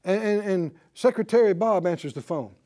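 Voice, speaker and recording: A man's voice: high voice, fairly quick. A man preaching a sermon, telling stories and acting out the dialogue, with call-and-response to the congregation. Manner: animated storytelling, acting out dialogue.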